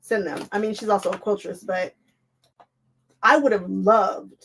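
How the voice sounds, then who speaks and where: A woman's voice: medium pitch, fairly even intonation, a little slow, fairly bright tone, husky, poor audio. A woman, hosting a casual crafting livestream, chatting to viewers while she sews and laughing often.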